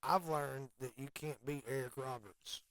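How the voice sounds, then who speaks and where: A man's voice: medium pitch, steady tone, unhurried, no room sound, poor audio. A man co-hosting a radio show, chatting casually and pressing his points with earnest emphasis. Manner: earnest, emphatic, gets loud when passionate.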